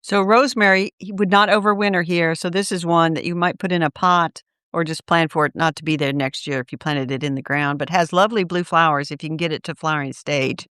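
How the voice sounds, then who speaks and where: Woman, gardening co-host, practical, matter-of-fact, clear smooth voice, dry close mic. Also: deep voice, fairly even intonation, fairly quick, few pauses, fairly bright tone, dry recording. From American Midwest. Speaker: podcast co-host. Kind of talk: casual gardening chat.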